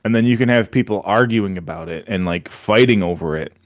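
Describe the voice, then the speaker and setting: A man's voice: on the low side, a little fast, dry recording, studio quality. A man co-hosting a casual podcast, talking loosely and jokingly with lots of fillers. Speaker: podcast co-host. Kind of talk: casual chat.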